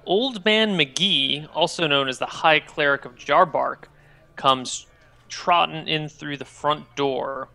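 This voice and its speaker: A man's voice: on the high side, slow pace, vocal fry, bright, forceful tone. A man narrating as game master in a tabletop role-playing game, with a casual, drawling manner.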